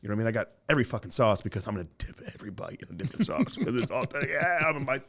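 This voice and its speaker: A male podcast host in casual chat, spinning a long story with swings between loud excitement and quiet mutters. His voice sits at an ordinary middle pitch. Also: racing.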